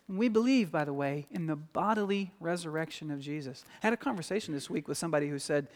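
A man preaching a sermon in a church, animated and acting out quoted voices. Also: sits high, fairly quick, hardly any pauses. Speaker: pastor. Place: church sanctuary. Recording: long hall reverb.

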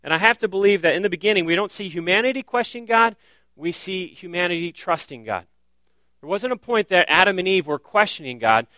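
A man's voice: high-pitched, expressive, brisk, sharp tone, no echo. A man preaching a sermon as pastor, earnest and direct, often driving points home with rhetorical questions.

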